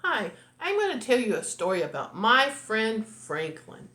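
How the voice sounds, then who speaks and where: A woman reading a picture book aloud in a slow, expressive way, her bright voice rising and falling. The room around her is echoey. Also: fairly high pitch. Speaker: storyteller.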